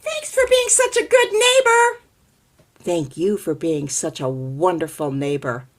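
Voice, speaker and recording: A woman from California telling a story to a live audience, animated and sing-song, inviting listeners to join in. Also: deep voice. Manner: animated, sing-song, repeats sound words. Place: storytelling festival workshop.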